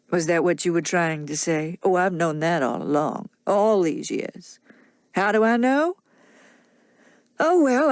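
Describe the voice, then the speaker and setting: A drunken husband with a slow, sneering drawl, as a woman reader puts him on. His voice sits low and unhurried, full of mockery. The audiobook recording is dry and close. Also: darkish tone, no echo, close to an everyday voice. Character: drunken mocking Southern gentleman, menacing husband.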